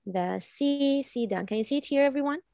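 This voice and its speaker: A woman's voice: high voice, moderate pace, creaky, dark tone, dry recording, studio quality. A woman from Iran teaching an online English class, repeating phrases patiently for her learners over a video call. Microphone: computer mic on video call.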